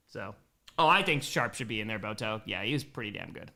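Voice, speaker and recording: Man with a lively, bouncy chatty voice. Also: a little fast, gravelly. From Wisconsin, USA. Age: 30s. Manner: chatty, reads chat aloud and riffs, talks to his cats in a high baby voice. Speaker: streamer answering chat questions. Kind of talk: casual live-stream Q&A.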